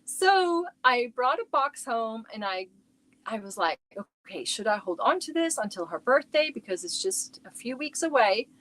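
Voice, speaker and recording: A woman's voice: fairly high pitch, sing-song, normal speed, a bit bright. Chatty woman hosting a crochet livestream. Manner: chatty, rambling, talks to viewers by name. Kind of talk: casual chat on a livestream. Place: at home.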